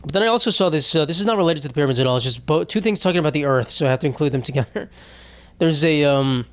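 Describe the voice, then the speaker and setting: High-ish profane man rambling solo. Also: animated, very fast, no echo. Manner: rambling, profane, puts on silly voices for asides. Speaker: podcast host. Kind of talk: solo comedic podcast rambling.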